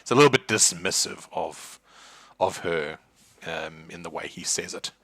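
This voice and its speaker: Animated game master man, dry sound. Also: low voice, moderate pace, gravelly, dry recording. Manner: animated, many restarts. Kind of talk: narrating a tabletop game.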